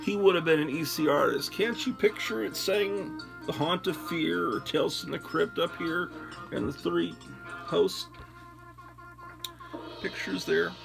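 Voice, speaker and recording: A man's voice: on the high side, measured pace, long pauses, poor audio. An older man hosting a casual solo chat, rambling and self-deprecating as he sorts through things, recorded on a phone. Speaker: host. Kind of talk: casual solo chat while sorting comics. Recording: music clearly playing behind. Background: music.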